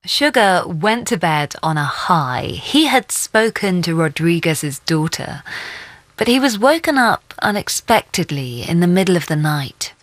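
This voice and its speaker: Low-voiced woman narrating a documentary. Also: very animated, no echo. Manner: measured, clear storytelling narration. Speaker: host. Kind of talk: scripted narration and interviewing.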